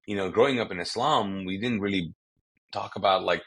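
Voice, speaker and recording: Pastor guest from Kuwait, man with a very deep voice, vivid storyteller who restarts his sentences often. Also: brisk, fairly bright tone, breathy edge. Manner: vivid storytelling with acted-out quotes and frequent restarts. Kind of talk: conversational testimony storytelling.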